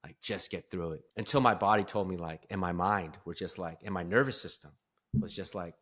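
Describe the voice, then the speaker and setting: A man's voice: low voice, a little fast, fairly bright tone. A man guesting on a podcast, telling a personal story in an earnest, openly vulnerable way and laughing at himself now and then. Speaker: podcast guest, performance coach. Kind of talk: candid conversational storytelling.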